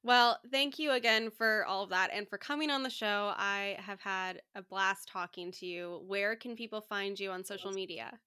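A woman's voice: mid-range voice, moderate pace, hardly any pauses, sharp tone, clear, resonant tone, no echo, clean studio sound. A woman hosting a podcast, supportive and easygoing as she chats with her guest. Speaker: podcast host. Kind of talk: casual interview chat.

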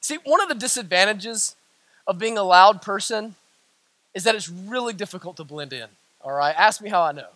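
High-voiced, emphatic man preaching. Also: animated, normal speed, pushed and bright, dry recording. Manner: emphatic, repetitive, with humorous asides. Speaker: pastor. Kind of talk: sermon.

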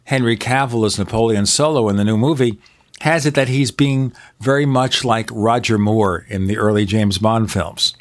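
A man's voice: fairly low pitch, fairly even intonation, normal speed, dry recording, studio quality. An older American man co-hosting a casual chat, telling movie and TV trivia with enthusiasm. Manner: chatty, enthusiastic storyteller. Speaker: co-host.

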